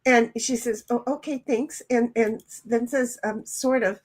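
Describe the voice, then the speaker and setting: A woman's voice: fairly high pitch, steady tone, unhurried. A woman hosting a game stream in casual chat, reading chat messages aloud in a bubbly, rambling way. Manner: bubbly, rambling, laughs often, loud greetings. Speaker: stream host.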